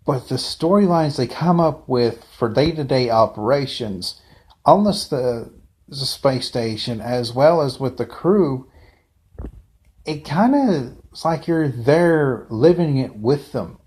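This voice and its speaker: A man talks through a fan review at an unhurried, slow pace, in a mid-range voice. He rambles off the cuff, trailing into asides and restarting his sentences as he goes. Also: mid-range voice, expressive, a little mellow. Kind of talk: casual unscripted review.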